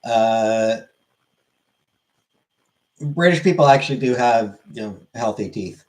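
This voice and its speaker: A man's voice: mid-range voice, lively intonation, slow pace, darkish tone, rough recording. A man on a live stream, casually answering questions from chat and swearing freely.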